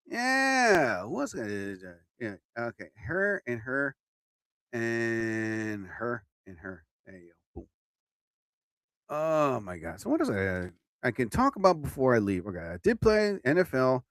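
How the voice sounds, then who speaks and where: A man's voice: mid-range voice, big pitch swings, measured pace, a bit bright, no room sound. A man hosting his own live stream as a comedian, chatting casually and rambling from topic to topic.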